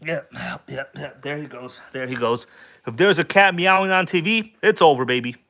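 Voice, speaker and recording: A man's voice: fairly high pitch, moderate pace, gravelly, pushed and bright. A man hosting a casual hobby livestream from home, talking loosely and joking with viewers. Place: at home, kitchen table.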